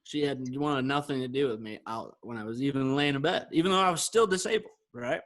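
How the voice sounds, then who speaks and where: Brisk and medium-pitched, a man co-hosting a podcast shares a personal story in casual talk. He performs the words of the people in it, telling the tale with lively, acted-out dialogue.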